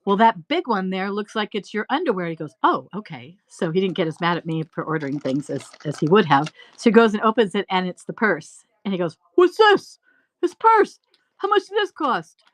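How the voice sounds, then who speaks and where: A middle-aged woman hosting a live resale stream, rambling through animated stories and laughing often. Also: lowish voice, brisk, few pauses. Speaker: live-stream reseller host. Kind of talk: chatty live-selling stream.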